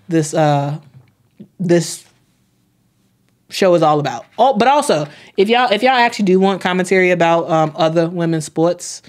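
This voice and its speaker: A young woman with a low-pitched voice hosts a sports live stream, chatting casually and reading chat comments out loud. She repeats herself a lot and uses plenty of filler words.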